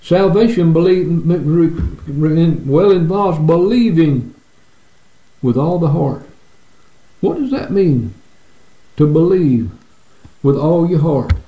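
A man's voice: a little high, expressive, takes it slowly, long pauses, lo-fi sound. Earnest preacher man in an echoey room. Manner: repetitive stammering restarts, earnest pleading. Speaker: pastor. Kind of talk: radio sermon.

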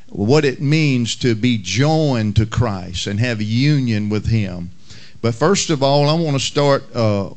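A male pastor praying and preaching a sermon in a measured, unhurried way, with occasional fillers. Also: mid-range voice. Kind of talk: sermon with prayer and humorous story.

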